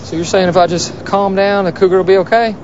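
A man's voice: high-pitched, fairly even intonation, fast, background noise, lightly acted. Brief: man as a frustrated son, exasperated and whiny; lo-fi film clip. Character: frustrated grown son, pizza delivery man.

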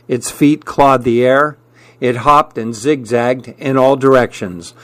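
A man narrating a story as an audiobook reader, unhurried, lifting his voice for the shouted lines. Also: no echo. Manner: unhurried storytelling, raising pitch for shouted dialogue.

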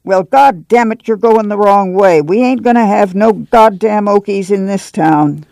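A woman reader voicing a hostile, threatening armed townsman with a rough rural drawl. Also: medium pitch, unhurried, a little mellow, no echo, clean studio sound.

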